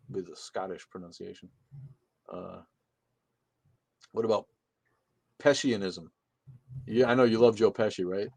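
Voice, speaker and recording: Low-voiced guy on a livestream reading chat, swearing and joking, dry close mic. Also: normal speed, vocal fry, long pauses, husky, no echo. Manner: profane, joking, loose.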